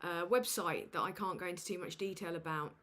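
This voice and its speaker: A woman's voice: on the low side, steady tone, brisk, a bit bright. A woman hosting a casual livestream from a home setup on a desk microphone. She talks in a flustered, self-mocking way, with many fillers and casual swearing. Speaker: livestream host. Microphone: USB desk microphone.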